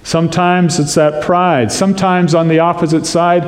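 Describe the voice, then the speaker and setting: A man preaching a sermon as pastor, slow and earnest, acting out prayers in quotes. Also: a little high, a little mellow. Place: church sanctuary. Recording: echoey church room.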